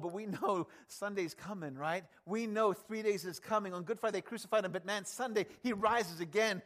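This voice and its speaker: A male preacher delivering a sermon in an emphatic, conversational way, swinging between loud passion and hushed tones. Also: high-pitched, fairly quick, few pauses.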